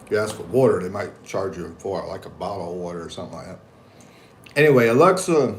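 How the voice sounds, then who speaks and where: A man's voice: low-pitched, a little fast, slight background noise. A man on a casual livestream, telling a story in a jokey, slangy way and reading viewer comments aloud. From United States. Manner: animated, slangy, jokey, reads chat aloud. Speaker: livestream vlogger. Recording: echoey room, faint background ambience.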